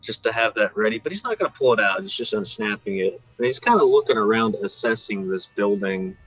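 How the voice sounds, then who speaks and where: A man's voice: on the low side, lively intonation, brisk, a bit bright, slightly rough, low-quality recording. A man playing a tabletop game in character, playful and laughing, slipping into a mock accent. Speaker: player.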